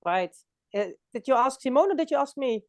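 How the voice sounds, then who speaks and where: A woman's voice: high-pitched, expressive, brisk, no room sound. A woman from the Netherlands, a guest patiently explaining things in a conversational interview.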